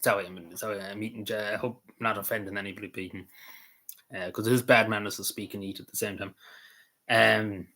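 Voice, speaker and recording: A man's voice: lowish voice, level tone, fairly quick, sharp tone. A man with an Irish accent giving casual, meandering commentary as a vlogger, swearing freely and padding his talk with fillers.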